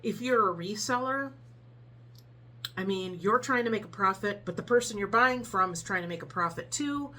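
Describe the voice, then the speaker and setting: A woman telling a story casually in a vlog, animated and acting out the people in it. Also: mid-range voice, moderate pace. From Ohio, USA.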